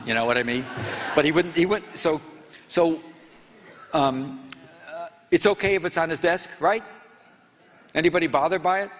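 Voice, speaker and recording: A reporter in his seventies speaks to students in a lecture hall, telling a story and throwing quick questions at the audience. His voice is a little high, and he's halting and full of fillers. The hall echoes, and the audio is dull and lo-fi.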